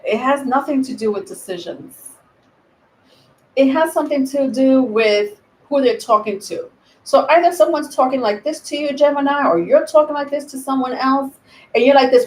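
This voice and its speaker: A woman giving a live tarot reading, rambling and thinking aloud with many pauses and ums. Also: sits high. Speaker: tarot reader. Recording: roomy echo.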